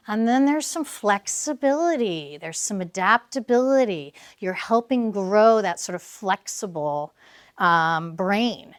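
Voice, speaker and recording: Woman in her 50s, social worker giving a lively public talk, mid-pitched, acts out dialogue and laughs often. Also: slow pace. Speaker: clinical social worker speaker.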